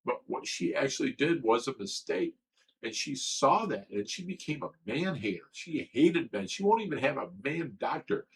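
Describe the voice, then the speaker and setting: A man's voice: mid-range voice, sing-song, normal speed, slight background noise, rough recording. A livestream host talking candidly and emotionally, rambling and swearing as he tells a personal story. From Ohio.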